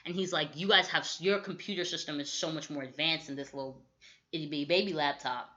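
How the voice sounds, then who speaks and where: A young woman co-hosting a podcast, recapping a movie in casual chat and acting out quick quotes, with lots of "like". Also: low voice. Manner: animated storytelling with quick acted-out quotes, lots of "like". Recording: dull lo-fi audio.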